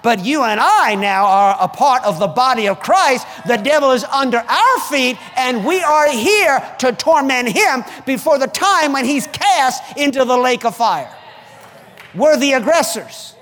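A man preaching a sermon in an emphatic, animated and rallying way. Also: extremely high pitch, unhurried, long reverb tail.

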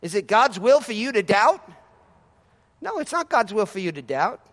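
A male pastor with a very high voice preaches fervently. His delivery swells into shouted praise, and he repeats his key lines with emphasis. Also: lively intonation, a little slow, pauses often. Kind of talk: sermon.

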